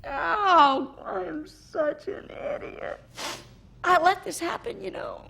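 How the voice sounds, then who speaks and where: A woman's voice: extremely high pitch, slow, creaky, bright, forceful tone, full character voice. Tearful, panicking mother. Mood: distraught. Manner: panicky, self-blaming. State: crying. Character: distraught superhero mother, fearful and tearful.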